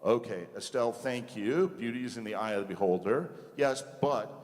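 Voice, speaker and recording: A man teaching a congregation in a relaxed, conversational way, often checking in with "okay?" and "right?" and asking the audience questions. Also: mid-range voice, moderate pace. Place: large sanctuary. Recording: reverberant hall.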